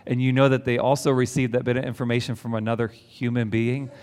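Man, pastor, sermon to a congregation, conversational, rhetorical questions, mid-pitched. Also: level tone, fast, a little mellow. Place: church before a congregation.

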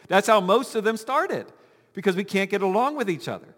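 A man preaching a sermon as pastor, animated and full of rhetorical questions, talking with his congregation. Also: high-pitched, brisk, long reverb tail. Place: church sanctuary.

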